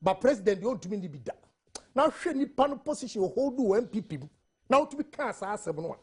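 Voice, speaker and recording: A Ghanaian man argues his case on a television panel discussion. His voice is high and husky, and he mixes Twi and English as he presses each point with emphasis. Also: lively intonation, fast, a little mellow.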